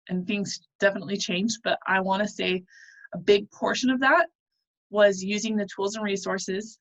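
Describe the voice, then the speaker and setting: A woman's voice: medium pitch, fairly bright tone. Earnest chatty woman on a lo-fi call. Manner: earnest and chatty, with many fillers. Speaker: business coach hosting a mastermind call. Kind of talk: casual motivational talk. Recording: slightly dull, lo-fi call audio.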